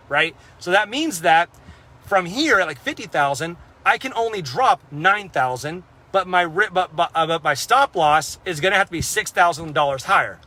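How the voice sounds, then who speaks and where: A man's voice: high voice, bright, forceful tone. A young man vlogging casually about crypto trading, blunt and profane, rambling with lots of fillers. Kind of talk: casual talk to camera.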